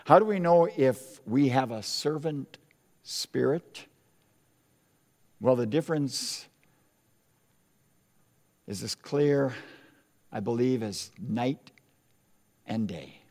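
Male pastor, measured and emphatic pulpit delivery, lingering pauses, echoing sanctuary sound. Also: medium pitch, animated, a little mellow. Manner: deliberate, emphatic preaching with dramatic pauses. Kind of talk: sermon. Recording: long hall reverb.

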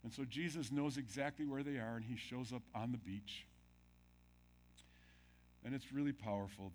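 A man in mid pitch delivers a sermon as a pastor. His preaching is dramatic, sinking to quiet, drawn-out lines before climbing to loud, emphatic peaks. He puts questions straight to the congregation. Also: slight background noise. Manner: dramatic, drops to near-whispers then builds loud.

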